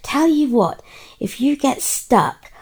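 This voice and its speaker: Slow-speaking gentle woman. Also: high voice, very animated, creaky, breathy edge. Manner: gentle, encouraging. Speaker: mother in role-play. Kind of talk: casual chat.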